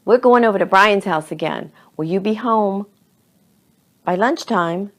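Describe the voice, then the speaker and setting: A woman's voice: medium pitch, unhurried, lightly acted. A woman voicing a practical mother asking matter-of-fact questions. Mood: questioning.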